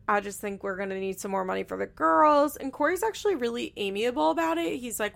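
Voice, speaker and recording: A woman's voice: medium pitch, normal speed, creaky, fairly bright tone. A young woman recapping a reality show in a chatty, gossipy way with sarcastic asides. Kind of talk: casual recap commentary.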